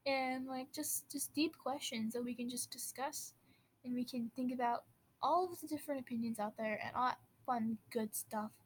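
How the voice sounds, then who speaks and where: A bubbly teenage girl from Wisconsin, her Upper Midwest accent light and friendly, rambles and giggles through casual podcast chat in a fairly high voice. She restarts her sentences often, and a faint hum sits behind her. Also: fairly even intonation, moderate pace, rough recording. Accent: Upper Midwest American. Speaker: podcast host.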